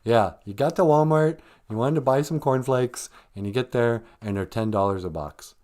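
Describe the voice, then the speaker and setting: A man's voice: medium pitch, moderate pace, darkish tone. A man hosting a live stream, chatting casually in a joking, rambling way and reading out viewer comments. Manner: joking, rambling, reads chat comments aloud.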